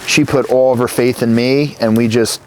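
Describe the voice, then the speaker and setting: A man in his thirties from New Jersey talks at a middle pitch as an interview guest. He rambles through animated stories and swears freely. Faint background noise runs under the voice. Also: moderate pace. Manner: rambling, profane, animated storytelling. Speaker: guest, company founder. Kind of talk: casual interview conversation.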